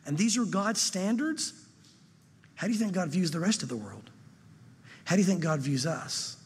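Preacher, male, emphatic sermon delivery, higher voice, big reverberant hall. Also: lively intonation, breathy edge. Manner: emphatic, drops pitch and slows on key lines.

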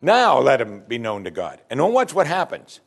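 A man's voice: mid-range voice, moderate pace, gravelly. A man preaching a sermon as pastor, teaching from scripture and acting out the prayers of his listeners. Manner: animated preaching, acts out prayers in quoted voices.

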